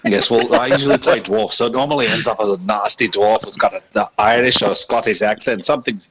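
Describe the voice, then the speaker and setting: A man's voice: fairly low pitch, a little fast, a crowd in the background, poor audio. A man playing a tabletop game, wry and self-mocking as he talks with the group. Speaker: player. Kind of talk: casual tabletop game play.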